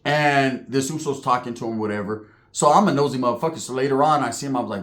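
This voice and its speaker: A man telling prison stories in a casual monologue, animated and profane, heavy on street slang, acting out the people he describes. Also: medium pitch, fast, few pauses. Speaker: storyteller recounting prison life.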